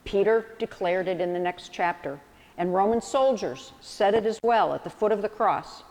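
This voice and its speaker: A woman's voice: medium pitch, moderate pace, darkish tone, big-room sound. A woman pastor delivering a sermon, reflective and storytelling with vivid analogies.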